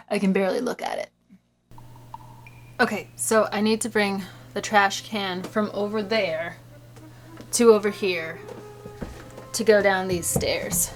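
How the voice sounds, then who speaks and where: A woman's voice: mid-range voice, slight background noise. A woman vlogging casually to her viewers, dramatic and self-mocking, repeating exclamations under her breath. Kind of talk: casual vlog talking to camera.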